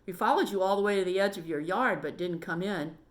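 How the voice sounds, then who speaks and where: A woman's voice: medium pitch, a little fast, lightly acted. A woman voicing a friendly, curious boy who talks eagerly in a storybook reading.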